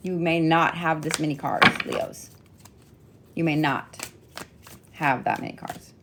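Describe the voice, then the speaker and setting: A middle-aged woman with a low voice gives a casual weekly zodiac card reading, speaking slowly with fairly even intonation over heavy background noise. She's a tarot and zodiac reader, chatty and playful, teasing her listeners and swearing often.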